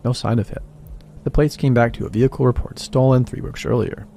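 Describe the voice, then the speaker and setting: A man reading a first-person horror story as scripted narration, in a quiet, even way. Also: medium pitch, fairly quick, a little hiss or hum. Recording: voice-over with faint music beneath.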